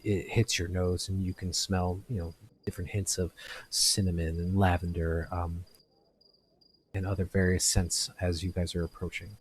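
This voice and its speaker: A man acting as game master, narrating a tabletop game in a halting way with many fillers. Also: low-pitched, slight background noise.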